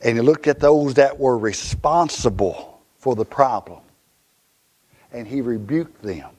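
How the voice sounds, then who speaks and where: A male pastor with a Southern US accent preaching a fiery, emphatic sermon in a church, swinging from loud to hushed. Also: mid-range voice, measured pace.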